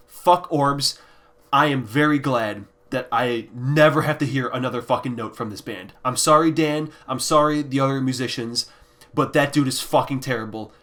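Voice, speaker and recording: Blunt, profane male music reviewer. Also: medium pitch. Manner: trails off into quiet, deflated mutters. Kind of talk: casual ranking review.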